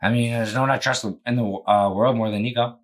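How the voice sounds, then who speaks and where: A man's voice: medium pitch, steady tone, a little fast. A young man hosting a casual podcast, rambling and joking, swearing freely. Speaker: podcast host and business owner.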